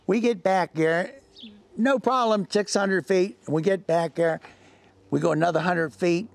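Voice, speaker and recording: A man telling a story as an interview guest, animated and dramatic, imitating sounds as he goes. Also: fairly high pitch. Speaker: interview guest, local lecturer.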